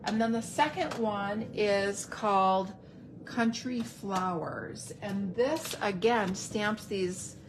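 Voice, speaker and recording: A woman hosting a craft unboxing video. She gushes over each item and pauses to think aloud when she needs a word. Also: mid-range voice, background noise. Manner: enthusiastic, gushing over products. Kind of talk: unboxing product demo.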